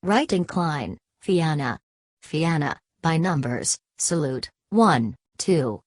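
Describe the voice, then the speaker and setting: A woman's voice: low-pitched, animated, slow pace, no room sound, full character voice. A woman voicing a proud, aloof young male student from an audiobook novel, speaking coolly and defiantly.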